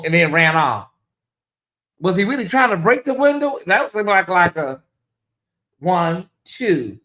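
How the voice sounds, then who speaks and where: A man hosting a casual live-stream commentary, chatty and animated, often calling out to viewers. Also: high voice, normal speed. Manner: animated, chatty, laughs and addresses viewers as y'all. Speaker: commentary channel host.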